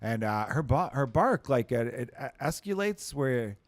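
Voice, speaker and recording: A man's voice: mid-range voice, very animated, unhurried, no room sound. A man from the United States hosting a podcast, chatting casually and telling rambling, profane stories. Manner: profane, rambling, laid-back storytelling. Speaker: podcast host.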